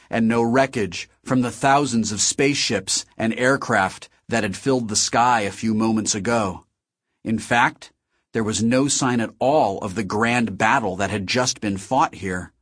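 A man narrating a novel in the first person with a steady, measured reading. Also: lowish voice, slightly rough, no echo, clean studio sound. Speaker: audiobook narrator.

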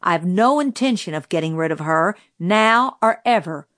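A woman's voice: lowish voice, lively intonation, moderate pace, fairly bright tone. A woman voicing a firm, stern father. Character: firm, calm middle-aged father.

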